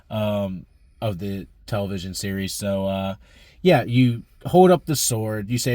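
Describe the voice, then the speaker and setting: A man's voice: lowish voice, moderate pace, dark tone, no echo. Chatty man in his thirties reviewing movies. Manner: enthusiastic, chatty, many fillers. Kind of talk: casual chat.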